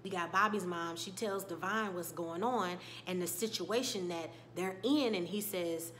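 A woman's voice: lowish voice, measured pace, fairly bright tone, a little hiss or hum. A woman casually recapping a TV episode in a chatty storytelling way, often slipping into the characters' lines. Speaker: TV episode reviewer.

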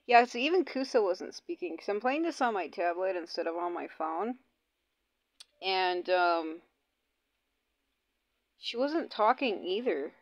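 A woman's voice: medium pitch, lively intonation, unhurried, long pauses, dry recording. A young woman host chatting casually and with lots of swearing while commenting on her gameplay. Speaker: gaming channel host. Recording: dull lo-fi audio, faint game music.

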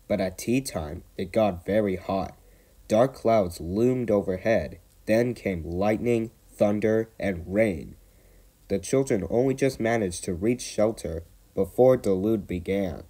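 A man reading a children's storybook aloud in a gentle, measured way. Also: on the low side.

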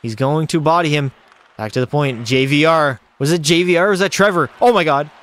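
A man's voice: a little high, fairly quick, a bit bright. A young man streaming a hockey video game, doing hyped play-by-play and answering chat with jokes. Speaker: gaming streamer. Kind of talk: live gameplay commentary with chat.

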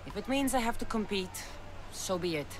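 A woman's voice: mid-range voice, expressive, normal speed, lightly acted. Actress as a determined warrior woman from Sparta; dry and matter-of-fact, game audio with noise. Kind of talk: video game dialogue.

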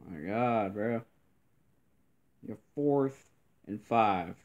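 Man narrating his own gameplay at a slow, low drawl, muttering irritated complaints and mild curses. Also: animated, a little mellow, lo-fi sound. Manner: grumbling, frustrated complaining with mild cursing. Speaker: gameplay commentator. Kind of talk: live gameplay commentary.

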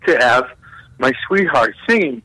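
A man's voice: mid-range voice, lively intonation, a little slow, pushed and bright, breathy edge, no echo, low-quality recording. A man calling in to a radio interview by phone, joking around, hesitating with lots of fillers and laughs. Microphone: telephone.

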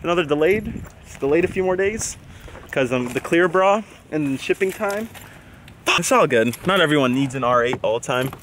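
Lively young man vlogging. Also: a little high, moderate pace, reverberant, slight background noise. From Canada. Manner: animated, joking, swears often. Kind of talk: casual vlog chat.

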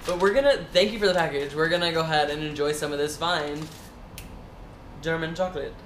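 A man's voice: fairly high pitch, fairly quick, roomy sound, background noise. A man with an American accent, co-hosting a casual vlog in a playful, giggly, theatrical way. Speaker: vlog co-host. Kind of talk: casual chat.

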